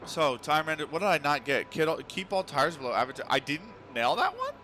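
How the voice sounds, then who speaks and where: A man's voice: fairly high pitch, wildly swooping pitch, brisk. A man streaming a racing game, chatting casually and swearing as he drives. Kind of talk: live gameplay commentary. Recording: loud race car engine noise. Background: racing game car sounds.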